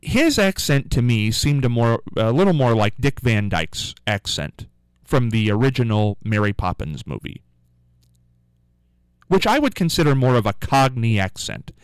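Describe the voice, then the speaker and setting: A man hosting a radio show, telling a rambling story with animated asides in a casual on-air monologue. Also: mid-range voice, moderate pace, clear, resonant tone, no room sound, low-quality recording.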